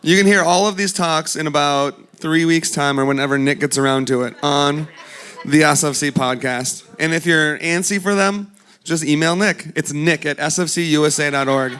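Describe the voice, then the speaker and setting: A man's voice: fairly high pitch, normal speed, fairly bright tone. A man giving a casual talk at a conference, joking and chatting with the audience as he speaks. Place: conference hall before a crowd.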